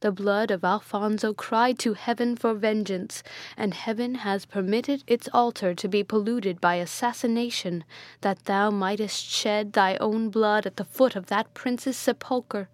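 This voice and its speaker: A woman's voice: medium pitch, fairly even intonation, measured pace, no room sound, close to an everyday voice. A woman voicing a stern old friar who rebukes a tyrant in a gothic storybook reading.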